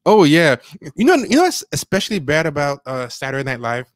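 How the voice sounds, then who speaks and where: A man co-hosting a casual livestream podcast, talking in a rambling, sardonic way and mocking people with quick impressions. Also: a little high, big pitch swings, no echo, studio quality. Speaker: podcast co-host.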